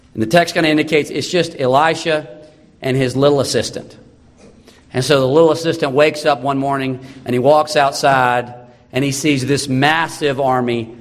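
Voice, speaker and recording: A man's voice: medium pitch, big-room sound. A man preaching a sermon as pastor, earnest and encouraging, repeating key phrases for emphasis.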